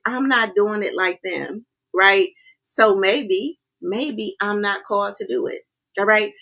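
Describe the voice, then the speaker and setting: Woman life coach, mid-pitched, direct and energetic, repeats key points, keeps asking "right?". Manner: direct, repeats key lines, checks in with 'right?'. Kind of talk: live-streamed coaching talk.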